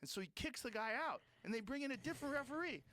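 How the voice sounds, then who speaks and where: A man's voice: very high voice, lively intonation, fast, bright, forceful tone, a little hiss or hum. A man talking animatedly and profanely as a podcast host in casual chat.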